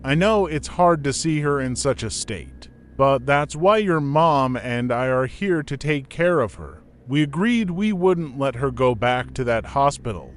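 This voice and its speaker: A man reading the lines of a calm middle-aged uncle, speaking in a gentle, reassuring way. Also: mid-range voice, a little slow, hardly any pauses, slight background noise, close to an everyday voice.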